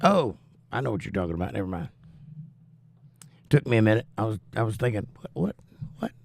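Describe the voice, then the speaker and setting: Fast and animated, with a creaky voice on the lower side, a man runs a livestream and reads viewers' messages aloud. His casual replies carry wry, teasing humor. He is getting over the flu, so he's breathless and coughs.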